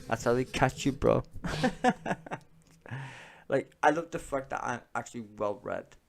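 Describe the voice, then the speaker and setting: A man's voice: mid-range voice, fairly even intonation, a little slow, vocal fry, a crowd in the background. A young man ranting bluntly about politics while reacting to clips, sweary and sarcastic. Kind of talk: casual profane rant.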